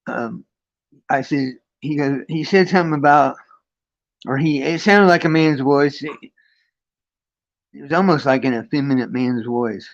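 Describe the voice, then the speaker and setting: A man casually telling a personal spiritual story on a livestream, rambling with restarts and profanity, pausing to read and greet his chat. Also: medium pitch, creaky, dull audio. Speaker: livestream host. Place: his friend's home.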